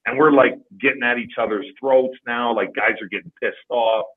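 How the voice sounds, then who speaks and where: A man's voice: medium pitch, fairly even intonation, normal speed, breathy edge, narrow, tinny audio. A man, a former hockey player, casually telling long profane stories on a podcast. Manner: profane, rambling anecdotes. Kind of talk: casual storytelling.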